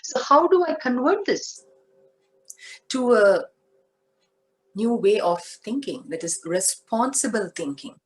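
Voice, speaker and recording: A woman giving a motivational spiritual talk, speaking deliberately and asking her listeners questions. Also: on the high side, animated, low-quality recording. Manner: slow, deliberate, asks the audience questions.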